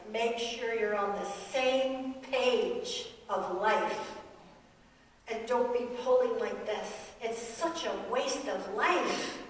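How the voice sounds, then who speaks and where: A feisty, animated woman in her sixties, a pastor's wife giving a guest sermon in a church, often laughing as she talks. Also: fairly high pitch. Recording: echoey hall, mic from far off.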